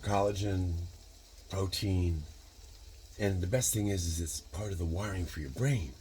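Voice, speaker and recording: A man in his sixties with a deep, low voice and a Michigan accent talks casually while he cooks in a home kitchen. He rambles into spiritual tangents and rushes his words in quick bursts. A faint hiss sits under his voice. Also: mellow. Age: 60s. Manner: rambling, drifts into philosophical tangents. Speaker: vlogger. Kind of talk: casual cooking vlog.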